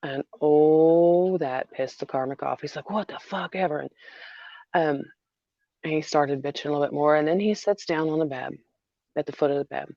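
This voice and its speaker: A mother talking through a hard personal story in a halting way, repeating herself with many fillers. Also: sits low, vocal fry, mellow, no room sound, dull audio. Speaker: mother vlogger. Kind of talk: emotional personal vlog.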